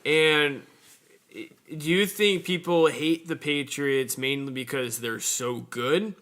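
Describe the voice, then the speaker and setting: A man with a bright, clear-edged voice leads the talk with questions on a casual sports podcast. He pauses and hesitates as he searches for his words. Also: fairly high pitch, steady tone. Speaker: podcast co-host.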